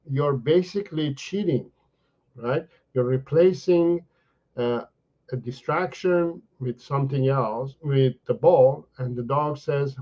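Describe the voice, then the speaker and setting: A man's voice: fairly high pitch, takes it slowly, highs cut off. A man, a dog trainer, answering viewers live in a chatty way, often repeating words and saying "you know" and "right?". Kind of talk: live-stream Q&A.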